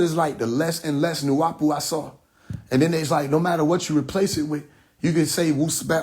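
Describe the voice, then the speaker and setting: A husky man vents in a vlog rant. His voice sits a little high, and he swears freely and circles back to the same lines again and again. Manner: agitated, profane, repeats himself. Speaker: rapper and online commentator.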